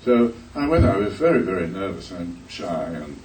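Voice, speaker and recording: An older man, a guest actor on a convention panel, telling a story haltingly with many pauses and uhs. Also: low voice, sing-song, darkish tone. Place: convention hall. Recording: echoey hall, distant mic, faint noise.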